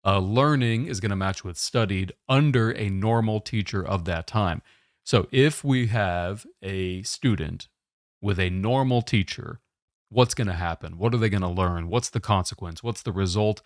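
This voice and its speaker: A man giving a test-prep lesson, explaining question types in a steady, methodical way. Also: lowish voice, moderate pace, no echo, studio quality.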